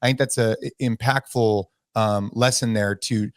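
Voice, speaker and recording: A man's voice: on the low side, steady tone, normal speed, no echo, studio quality. A man hosting a podcast, chatting casually and summing up what his guest has said. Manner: reflective, sums up the guest's points. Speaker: podcast host. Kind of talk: casual conversation.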